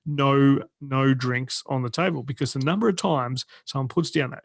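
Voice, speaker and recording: A man, an army veteran co-hosting a podcast, telling relaxed anecdotes in casual chat with the odd swear word. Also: medium pitch, normal speed, creaky. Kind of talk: casual film review chat.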